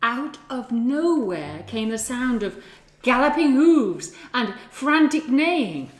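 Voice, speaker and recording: Brief: woman storyteller, slow, deliberate and expressive, reverberant room, soft music bed. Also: fairly high pitch. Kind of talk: storybook read-aloud. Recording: echoey room with music behind.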